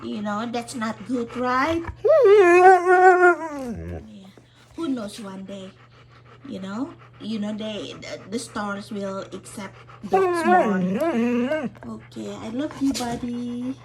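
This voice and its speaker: Slow-talking woman coaxing her dog. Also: on the high side, big pitch swings, crowd noise. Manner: coaxing, laughs often. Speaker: dog owner. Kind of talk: casual chat with her pet.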